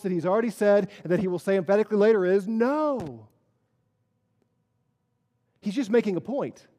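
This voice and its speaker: A man preaching a sermon as pastor, earnest, moving between quiet solemn stretches and emphatic rises. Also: sits high, in a large hall.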